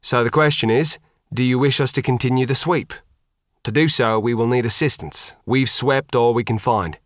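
A man voicing a calm, grave male commander who speaks in a measured, formal way. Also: mid-range voice, no echo, clean studio sound, close to an everyday voice.

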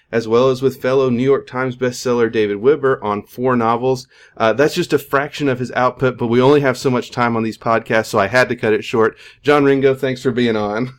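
A man hosting a podcast, reading formal guest introductions and then asking loose, searching questions. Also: mid-range voice. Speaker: podcast host.

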